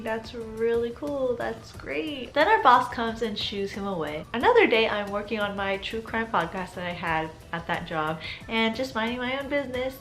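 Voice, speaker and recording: A woman's voice: on the high side, a bit bright. A twenty-year-old woman telling a story on her vlog in a casual, sarcastic way. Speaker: YouTuber.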